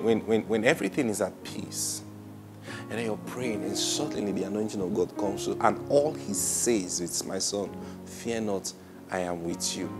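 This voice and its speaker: Animated male preacher with lively pitch. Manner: animated, acts out quoted voices, laughs often. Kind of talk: sermon.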